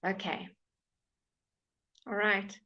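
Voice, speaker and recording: English woman, pronunciation tutor, unhurried delivery, muffled lo-fi stream audio. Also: mid-range voice, steady tone, pushed and bright. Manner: slow, patient, drawing out example words for repetition. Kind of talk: live online language lesson.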